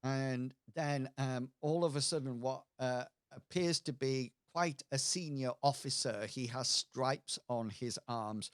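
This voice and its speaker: Brief: male game master, slow and halting delivery, smooth voice, dry close sound. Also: mid-range voice, no room sound. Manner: hesitant, many fillers and restarts. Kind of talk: narrating a tabletop game.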